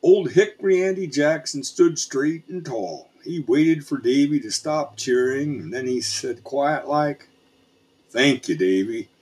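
Husky, slow-paced folksy storyteller man. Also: fairly high pitch, dark tone. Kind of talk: storybook narration.

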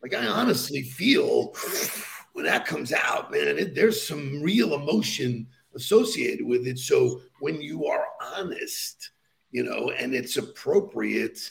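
A man's voice: medium pitch, expressive, takes it slowly, vocal fry. A man co-hosting a podcast, enthusiastic and leading the topics in casual chat, chuckling between points. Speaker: podcast co-host.

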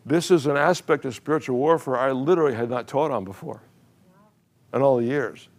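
A man's voice: medium pitch, brisk. An older man preaching a sermon in a church, telling a story with chuckles and many repeated words. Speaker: pastor.

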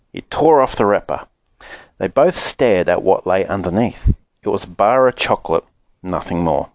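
A man narrating a children's book aloud in an expressive, animated way. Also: low voice, normal speed, no room sound, studio quality. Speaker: audiobook narrator. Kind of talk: storybook narration.

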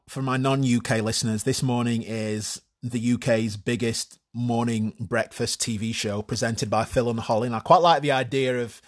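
A man talking alone on his podcast at a medium pitch. He chats casually and bluntly, swearing freely and poking fun at himself. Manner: casual, crude, swears freely, self-mocking. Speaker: podcast host. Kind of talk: solo podcast chat.

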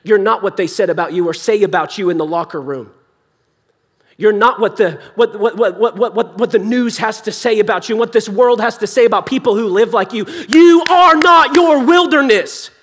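A man's voice: high-pitched, a little fast, husky. A young adult man preaching a sermon in a church hall, impassioned yet conversational.

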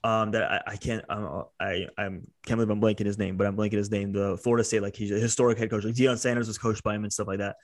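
A man's voice: lowish voice, flat delivery, fast, few pauses. A man co-hosting a casual sports podcast over a video call, rambling with lots of fillers and casual swearing. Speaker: podcast co-host.

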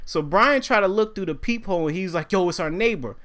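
A young man in casual podcast talk, telling a story with animated quoted voices. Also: high voice, fairly quick. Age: young adult.

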